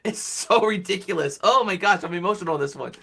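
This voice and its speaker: A woman hosting a live reaction stream, excitable and gushing, calling people dude. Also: fairly low pitch, fast talker, creaky, noisy background.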